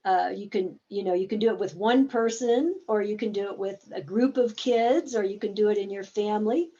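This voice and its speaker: A woman's voice: mid-range voice, moderate pace, dark tone, lo-fi sound. A woman therapist explaining a game in a conversational teaching talk, acting out bits of dialogue as examples.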